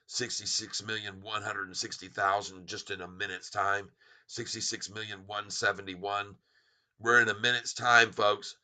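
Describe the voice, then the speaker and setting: A middle-aged man hosting a live stock market stream, calling out share counts and prices in an excited, rapid patter. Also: fairly low pitch. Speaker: stock market livestream host. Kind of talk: live stock-ticker commentary.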